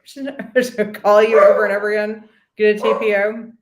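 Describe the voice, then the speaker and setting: A woman's voice: medium pitch, level tone, a little fast, echoey room, noisy background. A woman hosting a live stream in a casual, blunt, profane, gossipy way.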